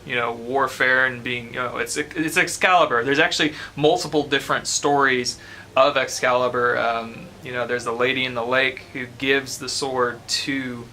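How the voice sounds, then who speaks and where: A man musing about a film idea, thinking aloud with many pauses and fillers. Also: mid-range voice, sharp tone, a little hiss or hum, poor audio. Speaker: student. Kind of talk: casual commentary.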